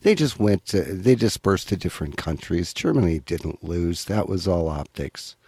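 A man's voice: low voice, lively intonation, normal speed, darkish tone, slightly rough, dry recording, studio quality. A man speaking as a guest in a casual podcast chat, assertive and matter-of-fact.

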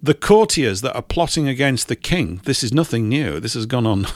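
A man hosting a casual talk show from a studio, telling stories in an animated, wry and emphatic way. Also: medium pitch, normal speed, no room sound. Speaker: radio host. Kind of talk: casual chat.

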